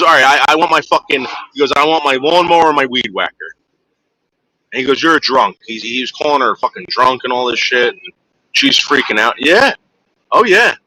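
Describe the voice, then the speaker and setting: A man's voice: mid-range voice, pushed and bright, rough recording. A man streaming to his viewers, telling a long story in a rambling, profane way and acting out the voices of the people in it.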